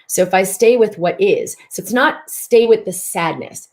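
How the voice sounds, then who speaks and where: A woman who is both physician and host leads a mind-body self-help broadcast, her medium-pitched voice measured and a touch mellow. She speaks expressively, repeating words for emphasis and sometimes voicing her inner thoughts aloud.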